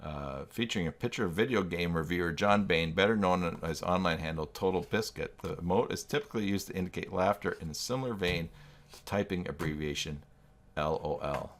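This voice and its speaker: Fairly quick and deep-voiced, a man chats casually on a live stream while working. He voices his thoughts as they come, replies to what viewers write, and adds self-deprecating remarks.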